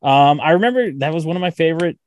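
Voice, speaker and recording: A man's voice: a little high, lively intonation, fast, darkish tone, no echo. A man hosting a podcast interview over a video call, enthusiastic and laughing often. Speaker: podcast host. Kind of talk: casual interview chat. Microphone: video call recording.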